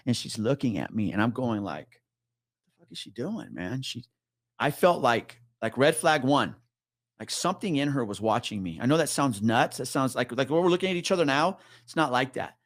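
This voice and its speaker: A man, a police officer, telling a story in a casual podcast conversation, swearing freely and acting out the people he quotes. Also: medium pitch.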